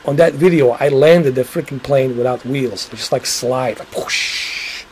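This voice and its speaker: A man's voice: medium pitch, normal speed, warm tone, slight background noise, low-quality recording. A man hosting a livestream, chatting casually and rambling to his viewers, swearing now and then. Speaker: livestream host.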